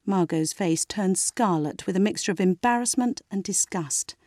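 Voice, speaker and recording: A woman reading a story aloud with a measured, expressive delivery, her voice at an ordinary pitch but moving through a lively range. The sound is dry and close, with no room echo. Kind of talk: audiobook reading.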